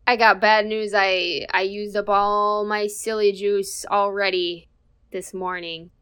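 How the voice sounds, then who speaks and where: Woman podcast co-host, deadpan and dry, slow delivery, crisp bright voice. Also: mid-range voice. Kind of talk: casual podcast banter.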